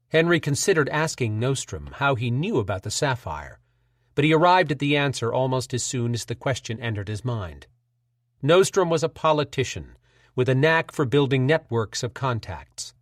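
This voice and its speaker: A man narrating an audiobook in a measured, steady storytelling voice. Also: mid-range voice, no echo, studio quality.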